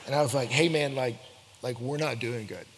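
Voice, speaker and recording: A young man telling a story to an audience, acting out the quoted lines with big jumps in pitch and loudness. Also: normal speed. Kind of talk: animated storytelling talk. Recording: echoey hall with faint noise.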